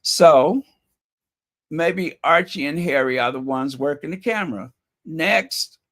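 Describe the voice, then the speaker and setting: Slow, chatty man with sarcastic asides. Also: fairly high pitch, a bit bright. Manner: chatty, rambling, reads headlines with sarcastic asides and chuckles. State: slightly scratchy voice. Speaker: channel host. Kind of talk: casual commentary on royal gossip headlines.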